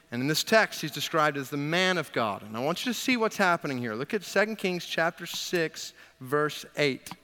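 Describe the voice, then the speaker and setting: A man preaching a sermon, retelling a Bible story in an animated way with quips to the congregation. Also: a little high, in a large hall. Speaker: pastor.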